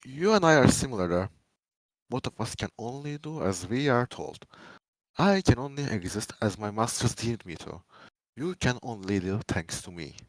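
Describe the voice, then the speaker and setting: A man giving a dramatic reading of fan fiction, a first-person monologue, swinging between menacing loud lines and hushed pleading ones. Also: mid-range voice, sing-song, normal speed, no room sound, low-quality recording.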